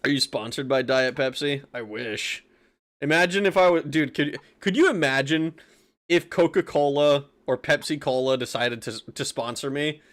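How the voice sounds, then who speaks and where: A man's voice: medium pitch, normal speed, fairly bright tone. A man streaming a game, chatting casually with his viewers, reading out chat, laughing and swearing, with frequent restarts.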